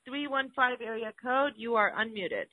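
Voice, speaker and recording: A woman hosts a live call-in show, greeting each caller warmly and calling them honey or sweetheart. Her voice sits a little high and sounds completely dry, and the audio comes through a thin, tinny phone-like line. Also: moderate pace, no echo.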